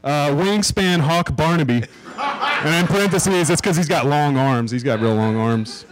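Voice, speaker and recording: A man guesting on a live comedy podcast, reading out jokes in a deadpan, rambling way. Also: a little high, measured pace, background noise. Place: live show venue with an audience.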